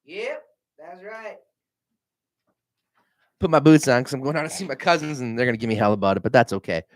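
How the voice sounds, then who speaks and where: A middle-aged man rambling in a casual vlog, telling animated stories and swearing freely. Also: medium pitch, very fast, slight background noise. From Minnesota. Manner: animated storytelling, mimics voices, swears freely. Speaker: realtor vlogger.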